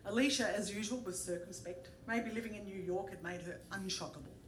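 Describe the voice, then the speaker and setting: A woman's voice: medium pitch, fairly quick, distant mic. A woman from Australia, telling a personal story and doing voices for the people in it. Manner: animated, puts on voices for the people in the story, laughs along. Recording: echoey room with faint noise.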